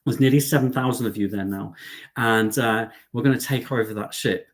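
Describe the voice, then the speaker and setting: Excitable British man chatting to his viewers. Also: medium pitch, brisk. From United Kingdom. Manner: chatty and animated, excitable, addresses viewers as darling and lovelies. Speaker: travel vlogger hosting a live stream. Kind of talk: casual live-stream chat with viewers.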